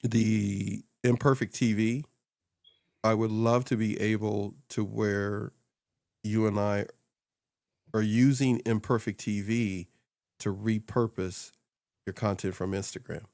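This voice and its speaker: Male host, casual coaching talk, low voice, loose and rambling, dry close recording. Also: fairly even intonation, slow, long pauses, a little mellow, no echo. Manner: loose and rambling, laughs often. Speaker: social media coach and host. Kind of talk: casual chat.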